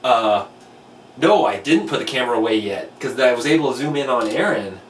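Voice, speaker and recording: A man spins a rambling, profane ski story at an ordinary pitch, jumping into the voices of his own past reactions. He sits a little back from the mic in a roomy, echoing space. Faint noise hums under the talk. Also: lively intonation, fairly quick, fairly bright tone, recorded from a distance. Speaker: podcast host telling a story. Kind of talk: casual storytelling over beers.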